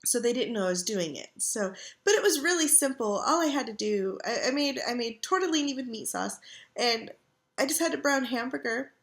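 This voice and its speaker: Her voice is expressive, on the high side and a bit bright, moving a little fast. The speaker is a middle-aged woman vlogging casually from her couch, tired and sore after surgery, rambling with plenty of fillers.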